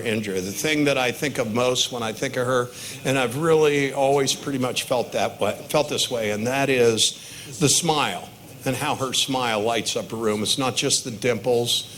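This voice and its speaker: A man's voice: medium pitch, a bit bright. A man in his sixties, father of the bride, giving a wedding toast full of stories and chuckling at his own anecdotes. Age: 60s. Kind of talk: wedding reception speech.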